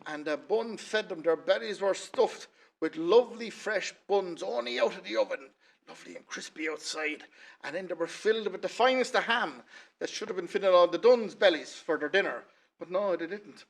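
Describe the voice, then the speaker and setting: Higher-voiced Irish man telling a folk tale. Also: moderate pace, creaky. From Ireland. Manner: chatty, rambling, with lots of "he says". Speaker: storyteller. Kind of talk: folksy spoken storytelling.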